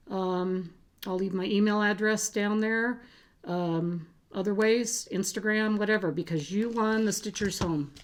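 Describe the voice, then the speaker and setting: A woman hosting a cross-stitch vlog, chatting casually to camera in a halting way, with frequent fillers and restarts. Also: medium pitch.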